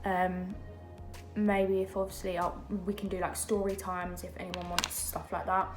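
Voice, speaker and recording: A woman's voice: fairly low pitch, flat delivery, moderate pace, roomy sound, music in the background. A young woman, chatting casually and rambling with lots of fillers while doing her makeup at home. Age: young adult. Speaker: beauty vlogger. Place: home during lockdown.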